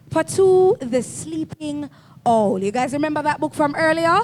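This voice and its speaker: A woman hosts a room full of schoolchildren, drawing out her words slowly with a high voice. Her prompts are firm and coaxing, in call-and-response. Faint background noise sits under her voice. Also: expressive. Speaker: event host for schoolchildren. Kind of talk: call-and-response crowd management.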